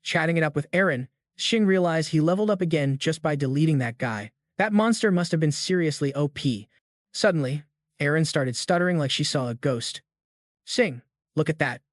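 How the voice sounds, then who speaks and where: A man narrates a comic recap with a slightly raised pitch and a slangy, hyped-up delivery. The sound is dry and close, with no room around it. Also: brisk, hardly any pauses, dry recording. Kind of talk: scripted narration.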